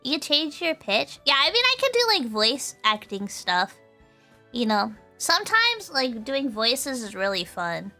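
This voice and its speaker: A young adult woman with a high voice chats casually on a stream at an unhurried pace, soft music playing behind her. She reads out viewer comments in a giggly, bubbly tone, animated and playful and often dissolving into laughter.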